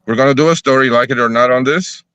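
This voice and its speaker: Man for a casual live chat: bright voice, swears a lot, acts out both sides of his stories. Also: mid-range voice, quick pace, smooth, dry recording. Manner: profane, animated storytelling, acting out both sides of conversations.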